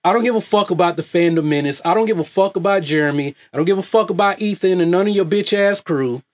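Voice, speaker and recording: A high-voiced man ranting loudly. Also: fast. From United States. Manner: loud, animated, laughs often. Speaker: YouTube host. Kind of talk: profane off-the-cuff rant.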